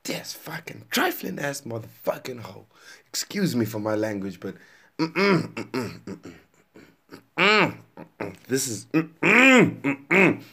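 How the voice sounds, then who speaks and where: A man's voice: medium pitch, very animated, slow, vocal fry, long pauses, pushed and bright, breathy edge. Exasperated young man ranting profanely. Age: 20s. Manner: exasperated, profane, repeats himself for emphasis. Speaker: podcast host reacting to interview clips. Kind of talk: profane casual rant.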